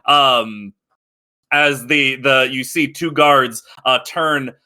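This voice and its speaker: A man narrating a tabletop game as game master, lively and full of fillers, breaking into shouted guard voices. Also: mid-range voice, slow.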